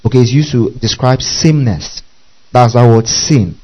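A man's voice: mid-range voice, normal speed, a little mellow, lo-fi sound. A man teaching a Bible study, spelling out Greek words letter by letter and checking in often with his listeners.

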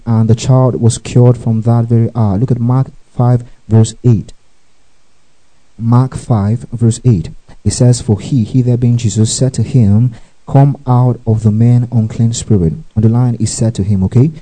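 A man's voice: medium pitch, warm tone, low-quality recording. A man preaching a teaching sermon, reading scripture verses and prompting listeners to underline and repeat after him. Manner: teaching with scripture references, frequent call-and-response prompts.

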